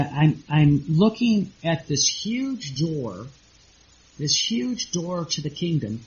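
A man's voice: fairly high pitch, creaky. A man, probably a priest, giving a rambling sermon full of rhetorical questions and repeated words. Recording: dull lo-fi recording.

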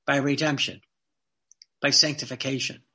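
A man's voice: medium pitch, fairly even intonation, moderate pace, bright, forceful tone. A man giving a devotional teaching talk as a preacher, emphatic, asking rhetorical questions and repeating phrases for stress.

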